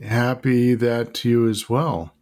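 A man's voice: medium pitch, fairly even intonation, slow pace, darkish tone. A man chatting on a radio show as its regular science guest, enthusiastic and playful. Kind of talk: casual radio chat.

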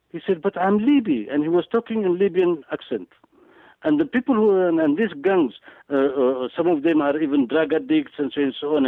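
A man's voice: a little high, dry recording. Emphatic man over a tinny radio line. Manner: halting, repetitive, emphatic delivery with many fillers. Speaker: guest speaker. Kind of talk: political talk.

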